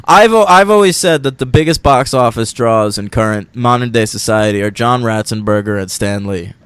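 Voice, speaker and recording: A man co-hosting a casual film podcast, easygoing and chiming in with quick asides. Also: medium pitch, a bit bright, clear, resonant tone, dry recording. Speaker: podcast co-host.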